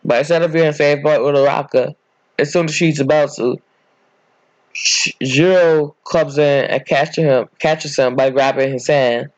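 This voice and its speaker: A man's voice: a little high, steady tone, a little slow, muffled recording. Rambling man telling a fan story. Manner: rambling, self-correcting, casual. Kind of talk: improvised fan story narration.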